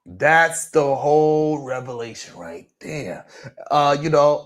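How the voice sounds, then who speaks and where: A man's voice: fairly high pitch, slow. A man hosting a morning show livestream, chatting casually and joking as he talks straight to his viewers.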